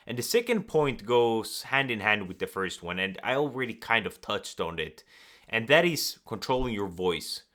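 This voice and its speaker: A man speaking as a communication coach, giving direct-to-camera advice in an animated way and acting out nervous and calm examples. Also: lowish voice, normal speed.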